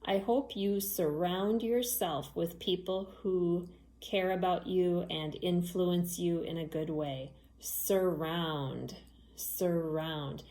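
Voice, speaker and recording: A woman teacher giving a phonics lesson to young children, speaking clearly and patiently and spelling words out letter by letter. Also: fairly low pitch, steady tone, takes it slowly, mellow, roomy sound, poor audio.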